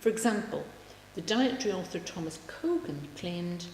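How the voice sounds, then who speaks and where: Gravelly-voiced woman lecturing in a hall. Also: fairly low pitch, expressive, moderate pace, darkish tone. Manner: wry, reads quotations aloud with emphasis. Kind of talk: public lecture. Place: large lecture room. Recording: echoey hall, faint background hum.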